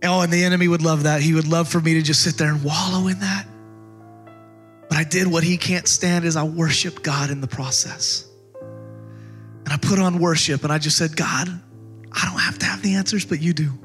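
A man's voice: fairly high pitch, a bit bright. A middle-aged man preaching as a pastor, passionate and conversational, often restarting his phrases. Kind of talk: sermon.

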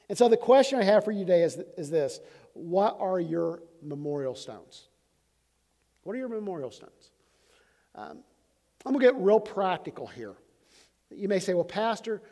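With a high, mellow voice, a pastor in his fifties delivers a conversational sermon, frequently restarting and repeating words. The recording carries long hall reverb.

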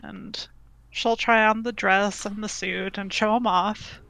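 A woman player in a tabletop role-playing game, narrating her character's moves. She talks slowly with a gravelly edge. Her tone is bright and a little high. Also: steady tone, dry recording, low-quality recording. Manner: slow, describing actions in third person.

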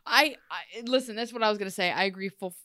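A woman's voice: mid-range voice, quick pace, sharp tone, no echo, studio quality. A woman co-hosting a casual TV recap podcast, enthusiastic and opinionated, often laughing. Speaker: podcast co-host.

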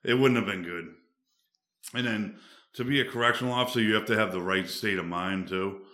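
Casual male podcast guest: low voice, rambling and relaxed, echoey room. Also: fairly quick. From Boston suburbs, USA. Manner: rambling, laid-back, many fillers. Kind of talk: casual chat. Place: studio. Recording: roomy echo.

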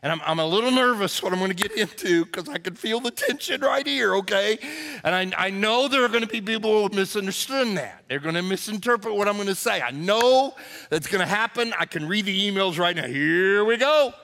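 A man's voice: sits high, expressive, fairly quick, pushed and bright, long reverb tail. A man preaching a conversational, emphatic sermon as pastor, acting out quotes in character voices.

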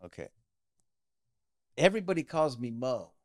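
Middle-aged male host, mid-pitched, animated melodic delivery, dry sound, playful. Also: normal speed, dry recording. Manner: expressive, playful, earnest asides. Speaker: podcast host. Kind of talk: casual conversation.

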